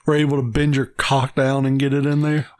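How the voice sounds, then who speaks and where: A man's voice: medium pitch, level tone, brisk, no echo, clean studio sound. A man co-hosting a podcast, laid-back and profane, trading crude jokes and agreeing along. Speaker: podcast co-host. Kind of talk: crude casual banter.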